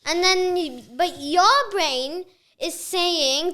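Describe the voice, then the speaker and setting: A young girl talks about her podcast as an interview guest, her voice high and sharp and her pace slow. The chat is casual, and she speaks earnestly with lots of fillers.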